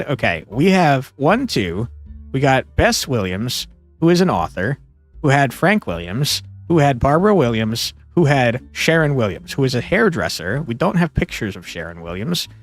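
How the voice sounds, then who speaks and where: A man playing a detective puzzle game and talking through it, excitable, swinging between muttering and yelling. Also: mid-range voice. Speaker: gaming streamer. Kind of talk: let's play commentary.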